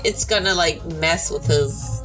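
A woman's voice: lowish voice, measured pace, soft background music, low-quality recording. A young adult woman playing a tabletop role-playing game, giggly and chatty. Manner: giggly, lively, chatty with fillers. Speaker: player. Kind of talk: casual chat at a game table.

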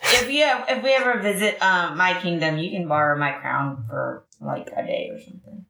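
A woman's voice: on the low side, normal speed, creaky, bright, forceful tone. A woman voicing a haughty young princess adventurer in a tabletop role-play, dismissive and self-assured. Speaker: player. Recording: echoey room.

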